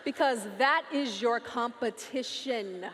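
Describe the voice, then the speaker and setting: A woman's voice: fairly high pitch, slow, fairly bright tone, a little hiss or hum. A woman speaking on stage at a conference to a live audience, playful and teasing, talking straight to the crowd. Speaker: featured speaker. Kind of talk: animated stage talk. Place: large hall with live audience. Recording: long hall reverb.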